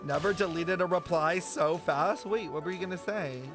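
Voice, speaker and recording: A man streaming his reaction to a video game, talking in an excitable, profane way and often breaking into laughter. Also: sits high, moderate pace, music in the background.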